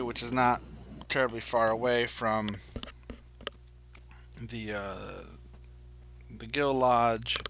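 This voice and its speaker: A man narrating a tabletop role-playing game as game master, halting and full of fillers. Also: mid-range voice, bright, forceful tone, slight background noise.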